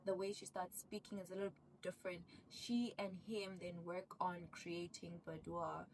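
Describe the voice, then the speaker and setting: A woman casually retelling a drama's plot, excitable and rambling. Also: fairly low pitch, moderate pace, far from the mic, slight background noise, low-quality recording. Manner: excitable, rambling, acts out characters' lines. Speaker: vlogger recapping a drama. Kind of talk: casual storytelling recap.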